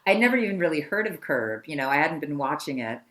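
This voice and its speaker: Low-voiced woman telling animated stories. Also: a little fast. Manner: lively storyteller who acts out quoted voices. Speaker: actress guest. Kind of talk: anecdotal podcast storytelling.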